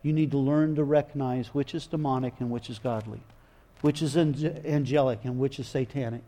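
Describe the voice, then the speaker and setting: A man's voice: mid-range voice, fairly even intonation, a little fast, warm tone. A man preaching a sermon in an emphatic, folksy way, often repeating his phrases.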